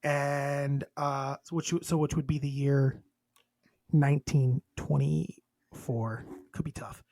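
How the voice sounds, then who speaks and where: A man's voice: mid-range voice, level tone, slow, creaky, dark tone, dry recording. Guy podcast host riffing crude jokes over a list, dead dry mic, no room at all. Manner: joking and crude, reading a list aloud with asides. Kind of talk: casual chat.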